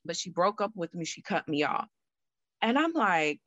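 A woman's voice: fairly low pitch, big pitch swings, moderate pace, a bit bright, no echo, muffled recording. A woman guest telling a personal story candidly and animatedly, acting out her own thoughts.

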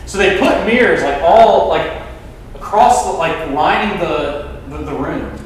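A man, a campus minister, preaching a sermon in an animated, conversational way full of fillers. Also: on the high side, measured pace, slight background noise. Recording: echoey hall, distant mic.

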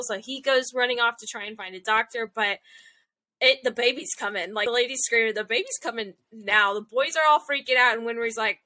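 A woman's voice: on the high side, a little fast, bright, forceful tone. A young woman chatting casually, recapping episodes with lots of fillers and acted-out quotes. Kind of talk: casual chat recapping an anime.

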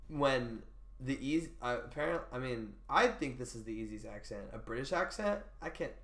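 A man's voice: medium pitch, animated, normal speed, fairly bright tone. A young American man co-hosting a podcast, talking loosely and joking with lots of fillers. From United States. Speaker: podcast co-host. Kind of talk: casual chat. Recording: echoey room.

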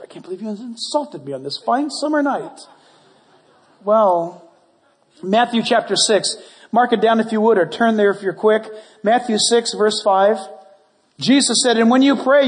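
High, lively preaching man in a hall. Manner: animated, conversational preaching with jokes. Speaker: pastor. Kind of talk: sermon. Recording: long church hall reverb.

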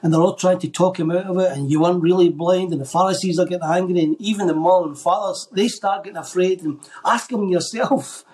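A man, a podcast guest, telling a faith story in an animated way and acting out the voices of the people in it. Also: high-pitched, quick pace, hardly any pauses. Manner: animated storyteller who acts out quoted voices. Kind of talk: telling a faith testimony in conversation.

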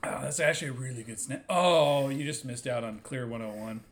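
A man's voice: mid-range voice, brisk. A man co-hosting a podcast in casual banter, joking and teasing with frequent laughs. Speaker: podcast co-host.

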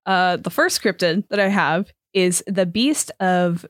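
Young woman w lowish voice podcasting, swears a lot, laughs, trips on words, dry close mic. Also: unhurried, no room sound. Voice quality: swears freely, laughs easily, stumbles over words. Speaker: podcast co-host. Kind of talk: casual chat, reading out a story.

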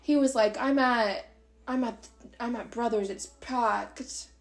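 A young woman in her twenties tells a story on a casual podcast, her voice sitting a bit high. She is animated, swears freely and slips into the voices of the people she quotes. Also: slow pace, over a noisy crowd. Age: 20s. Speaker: podcast co-host.

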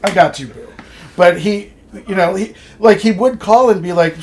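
A man's voice: sits high, moderate pace, darkish tone. A man chatting casually and laughing often, his speech full of likes and you knows. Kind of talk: casual chat.

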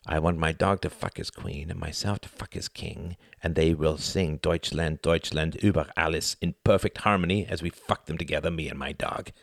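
A man's voice: a bass voice, fairly even intonation, normal speed, creaky, few pauses, dry recording, studio quality, full character voice. A man voicing a menacing, crude thug with a contemptuous, snarling manner. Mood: low menace. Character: menacing bald German thug, crude and sneering.

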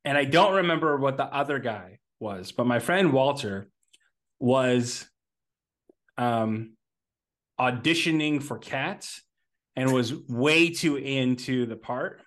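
A man's voice: mid-range voice, slow, a bit bright. A man co-hosting a podcast, telling stories in casual chat, rambling with lots of fillers and restarts. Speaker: podcast co-host.

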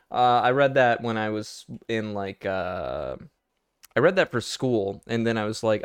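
A young man talks hesitantly in a casual podcast, full of fillers and false starts. His pitch swings around a lot. The recording is close and dry. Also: animated, brisk, smooth, no room sound. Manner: hesitant, filler-heavy, giggly. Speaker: podcast co-host.

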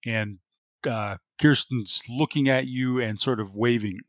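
A man's voice: medium pitch, a little slow, fairly bright tone, no echo. A man narrating as game master, laid-back with lots of ums and uhs.

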